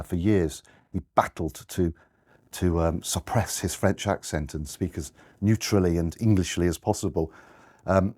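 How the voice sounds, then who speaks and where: A man gives a conversational slide talk to an audience, rambling and frequently restarting or correcting himself. His deep voice is mellow with a breathy edge.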